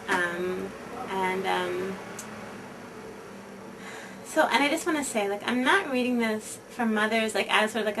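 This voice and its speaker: A woman reading aloud and then talking casually to other mothers, halting, with many fillers and repeated emphasis. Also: mid-range voice, distant mic, background noise.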